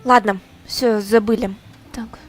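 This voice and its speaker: A woman's voice: medium pitch, fairly even intonation, measured pace. A woman game streamer giving live commentary, ranting irritably at her chat and swearing.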